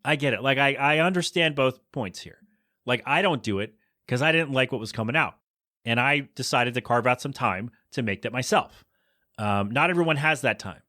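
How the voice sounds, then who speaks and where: A man's voice: medium pitch, animated, normal speed, sharp tone, dry recording, studio quality. A man hosting his own podcast, chatting casually on his own and rambling, restarting his sentences and voicing blunt opinions. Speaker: podcast host. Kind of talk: casual solo podcast chat.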